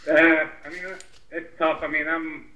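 Man, podcast guest, very bright sharp voice, hesitant, echoey sound. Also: on the high side, completely flat delivery, unhurried. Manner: hesitant, trailing off with fillers. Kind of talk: casual chat.

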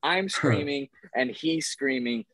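A young man in his twenties telling stories in a casual podcast chat, swearing often and animated. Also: mid-range voice, slow pace, dry recording, low-quality recording. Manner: swears a lot, animated storytelling. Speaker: podcast guest.

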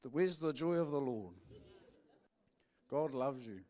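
Mellow and unhurried, a pastor's medium-pitched, expressive voice carries through a live church sermon. He has a New Zealand accent and a cheeky, playful style, joking with his congregation and acting out back-and-forth conversations.

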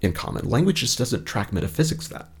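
A man with a General American accent, speaking as a podcast guest in a measured, articulate way with frequent restarts. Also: medium pitch, sing-song, breathy edge. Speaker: guest philosopher. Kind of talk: conversational podcast interview.

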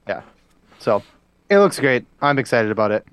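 A man's voice: medium pitch, big pitch swings, moderate pace, clean tone, no echo. A man co-hosting a podcast in casual chat, talking loosely with many fillers and frequent laughs. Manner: chatty, laughs often, trails off with fillers. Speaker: podcast co-host.

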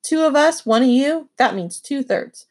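A woman's voice: high-pitched, expressive, normal speed, pitched above the performer's own voice. A woman reading aloud, voicing a cautious young boy with a wary, hesitant manner. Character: cautious young boy, skeptical older brother.

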